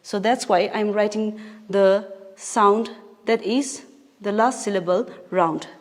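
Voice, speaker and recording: A woman's voice: medium pitch, steady tone, slow pace. A woman teacher giving a patient poetry lesson, explaining step by step and correcting herself as she goes. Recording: long reverb.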